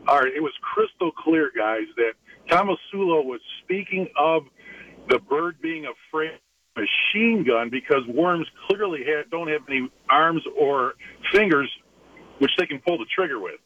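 A man calling into a radio show, explaining a joke theory deadpan. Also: a little high, moderate pace, dry recording. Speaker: caller. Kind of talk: phone call to radio show. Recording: tinny phone line.

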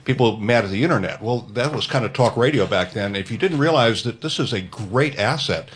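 A man's voice: mid-range voice, animated, fairly quick, slight background noise. A man, a radio guest, speaking bluntly and with strong opinions.

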